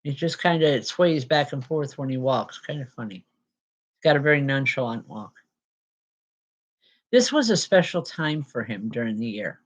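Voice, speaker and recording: A woman medium giving spirit readings to a live audience, talking in a halting, searching way with many fillers and restarts. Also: low voice, dull audio.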